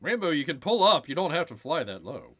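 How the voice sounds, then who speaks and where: A man's voice: fairly high pitch, big pitch swings, a little fast, sharp tone, husky. Joking man giving movie commentary. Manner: jokey, wry, often slips into silly voices. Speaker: streamer, host. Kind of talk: casual movie watch-along commentary.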